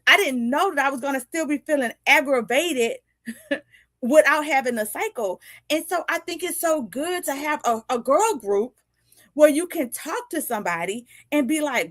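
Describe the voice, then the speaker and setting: A lively woman in her fifties talks straight to her viewers in a casual live chat. Her voice sits fairly high and sounds dry, with no room around it. She laughs easily and slips into little acted-out dialogues. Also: normal speed, no room sound. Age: 50s. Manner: animated and chatty, laughing often and acting out little dialogues. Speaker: podcast host and life coach.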